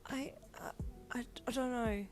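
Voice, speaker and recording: A woman voicing a sweet young pregnant wife in a fanfiction reading, speaking softly and a little higher than her narration. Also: moderate pace, faint music behind, lightly acted. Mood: pained. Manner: soft, slightly higher, stuttering when in pain.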